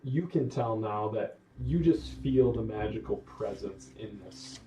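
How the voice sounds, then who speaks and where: A man's voice: on the low side, measured pace. Roomy, distant game master man. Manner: relaxed, conversational narration with fillers. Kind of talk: narrating a tabletop game. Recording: roomy, distant mic, faint background noise.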